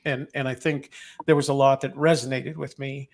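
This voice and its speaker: Older male host with a gravelly edge; relaxed, curious interviewer, accent worn neutral. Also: medium pitch, moderate pace. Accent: neutral American. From New Mexico, USA. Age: older, retired. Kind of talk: conversational interview.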